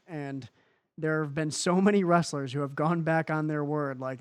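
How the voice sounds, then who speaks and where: A man's voice: a little high, steady tone, normal speed, smooth. A man hosting a podcast, chatting casually and animatedly with plenty of fillers. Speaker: podcast host.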